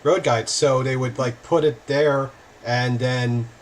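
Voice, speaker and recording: Man, stream guest, easygoing, mid pitch, faint background noise. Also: steady tone, slow pace. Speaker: show guest. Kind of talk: casual livestream chat.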